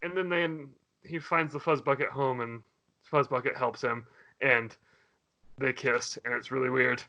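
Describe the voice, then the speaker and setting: A man hosting a podcast in casual chat, telling a story in an animated way. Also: medium pitch, measured pace, highs cut off. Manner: animated, swears and laughs while retelling. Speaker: podcast host.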